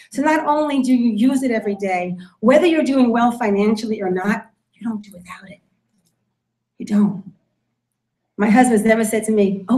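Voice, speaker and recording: A woman's voice: on the high side, a little mellow. A woman giving an emphatic sales presentation to a room, repeating her key points. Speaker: network marketing presenter. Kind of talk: sales pitch talk to a room. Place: meeting room with audience. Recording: echoey room.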